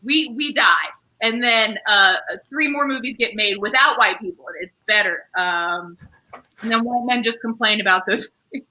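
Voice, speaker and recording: A woman's voice: fairly high pitch, normal speed, pushed and bright, rough recording. A young woman doing a stand-up comedy set, rambling and self-deprecating, with lots of fillers and acted-out voices. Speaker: stand-up comedian and show host.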